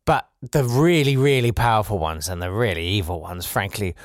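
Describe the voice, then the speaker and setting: A man hosting a comedy podcast, delivering a sardonic satirical monologue, swinging between loud bursts and quiet asides. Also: lowish voice, normal speed, no echo, clean studio sound.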